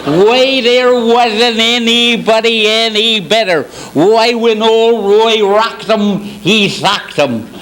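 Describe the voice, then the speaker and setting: A man voicing a grizzled old cowboy sidekick with a slow, wheezy drawl. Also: high voice, fairly bright tone, pitched above the performer's own voice, full character voice. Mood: excited. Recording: banquet hall with crowd laughter.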